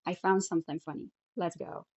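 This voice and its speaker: A woman's voice: fairly low pitch, steady tone, fairly quick, dark tone, breathy edge, faint music behind, low-quality recording. A woman, a hypnosis coach, reacting to street hypnosis clips in a chatty way and laughing often. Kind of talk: reaction commentary.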